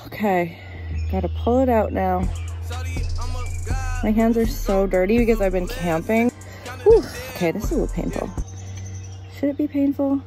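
A woman's voice: mid-range voice, moderate pace, pauses often, mellow. A young woman vlogging outdoors while camping, talking herself through her nerves in a chatty, sing-song way. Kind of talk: casual vlog to camera. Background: music.

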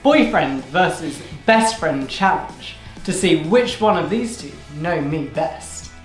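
A woman's voice: deep voice, lively intonation, slow, echoey room, faint music behind, poor audio. A woman playing a playful, teasing teenage boy wizard. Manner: teasing, giggly.

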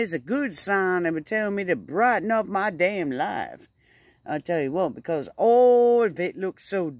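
A woman's voice: lowish voice, big pitch swings, a little slow, no echo. A woman rambling casually to her camera outdoors by a fire, stretching out her words for emphasis. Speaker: vlogger.

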